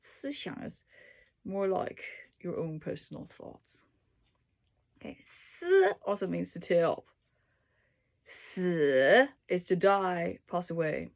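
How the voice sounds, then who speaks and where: Woman reading a dictionary aloud, slow and lively. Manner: reads entries aloud with asides, lively pitch on Chinese words. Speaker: language learner reading a dictionary. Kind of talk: casual self-study reading aloud.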